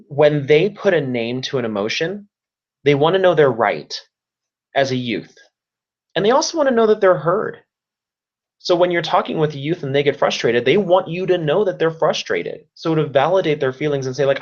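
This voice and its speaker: A man's voice: mid-range voice, expressive, moderate pace, lo-fi sound. A man who works as a youth service provider, giving a webinar talk in an earnest, repetitive way and offering practical tips. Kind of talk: webinar presentation.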